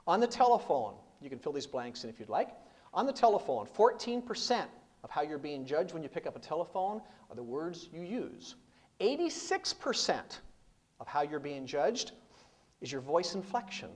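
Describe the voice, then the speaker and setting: A middle-aged man addresses a seminar room full of people. His delivery is emphatic, built on rhetorical questions and repeated one-word punchlines. His pitch rises and falls freely, keeping the talk lively. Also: moderate pace. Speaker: business speaker.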